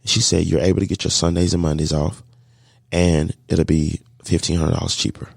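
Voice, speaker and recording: A man with a deep, gravelly voice tells his story with animated energy, slipping into the voices of the people he met along the way. The sound is dry and close, with no room around it. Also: brisk, dry recording. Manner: animated storyteller acting out dialogue, faith-filled. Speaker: guest, catering business owner. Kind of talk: storytelling in a podcast interview.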